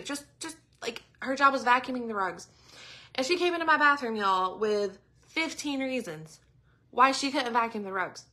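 Bright, chatty woman. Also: a little high, normal speed. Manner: chatty, animated storytelling with many asides. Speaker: ministry leader giving a devotional talk. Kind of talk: casual devotional talk.

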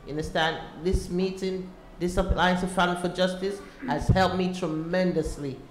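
A woman's voice: fairly low pitch, steady tone, moderate pace. A woman gives an emotional personal testimony as a mother and volunteer, pleading with her listeners and pushing her voice up as she goes. The room is large and echoey, with faint noise behind her.

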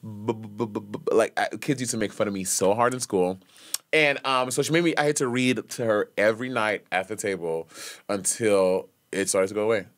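A young man co-hosting a podcast, animated, often restarting and stumbling over his words. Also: lowish voice, fairly quick. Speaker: podcast co-host. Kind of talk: casual banter. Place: podcast booth.

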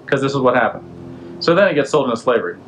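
A man's voice: medium pitch, lively intonation, rapid-fire, slight background noise, poor audio. A man hosting a podcast, retelling an old story in a casual, slangy way and throwing in rhetorical questions. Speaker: podcast host.

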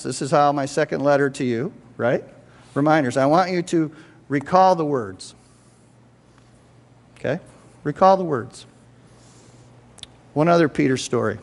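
A man's voice: mid-range voice, creaky. An older man preaching a sermon in a church, talking conversationally and checking in with the congregation again and again. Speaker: pastor. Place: church sanctuary. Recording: church hall reverb.

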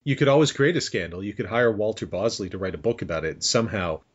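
Guy hosting a podcast, teasing and joking, kinda low husky voice. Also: fast talker. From Canada. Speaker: podcast host. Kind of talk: casual chat. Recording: dull lo-fi audio.

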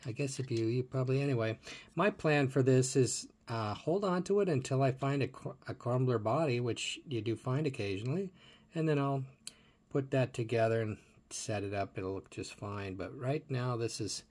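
Husky-voiced man musing over toy cars. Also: mid-range voice, moderate pace, darkish tone. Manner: chatty and musing aloud, asking viewers questions. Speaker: toy car collector showing his collection. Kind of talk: casual hands-on show-and-tell.

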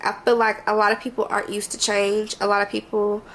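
Congested, gravelly-voiced woman vlogger rambling softly. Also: mid-range voice, monotone, fairly quick, slight background noise, low-quality recording. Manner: rambling, heartfelt, frequent "you know what I mean". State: congested, a little emotional. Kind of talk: casual talk to camera.

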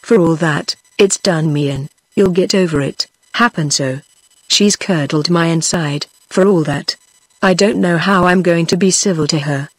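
A synthetic woman's voice reading the lines of a bitter, angry middle-aged working man in an audiobook, in a flat machine delivery. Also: lowish voice, moderate pace, breathy edge, dry recording.

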